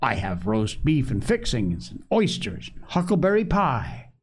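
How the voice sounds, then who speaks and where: A man voicing a sensible, cheerful eldest brother who speaks calmly. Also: mid-range voice, unhurried, breathy edge, heavily acted. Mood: hearty.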